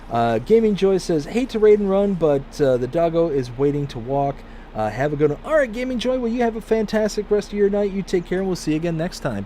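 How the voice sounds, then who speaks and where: A man's voice: on the high side, mellow, slight background noise. A man hosting a casual gaming livestream from home, reading viewer comments aloud in a friendly, upbeat way. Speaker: livestream host. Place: home room, mostly packed up.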